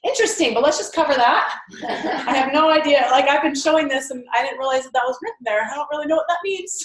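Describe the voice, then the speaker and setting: A woman's voice: high-pitched, fast, roomy sound, slight background noise, rough recording. A woman giving a team mindset training talk, enthusiastic and chatty, laughing often.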